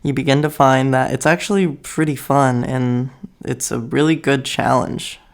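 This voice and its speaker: A man's voice: mid-range voice, steady tone, moderate pace, creaky. A young American man talking casually to his camera, rambling and correcting himself, often laughing. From United States. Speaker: vlogger.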